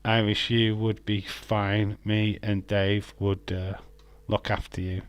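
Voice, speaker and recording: A man's voice: lowish voice, flat delivery, slow, smooth. A man hosting a casual live stream, chatting loosely, laughing often and answering viewers' comments. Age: adult with children.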